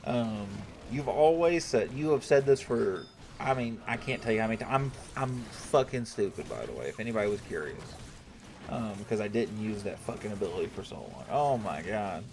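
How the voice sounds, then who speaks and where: A man's voice: fairly low pitch, lively intonation, normal speed, a little mellow, a little hiss or hum. A young man streaming a strategy game, thinking aloud to his chat and swearing when irritated. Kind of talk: casual gameplay commentary to chat.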